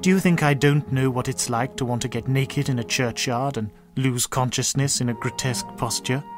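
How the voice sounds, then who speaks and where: A man voicing a prim, meddling middle-aged churchwoman who speaks softly, with sad, earnest sympathy. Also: mid-range voice, normal speed, music in the background, close to an everyday voice. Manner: soft, sadly sympathetic and earnest.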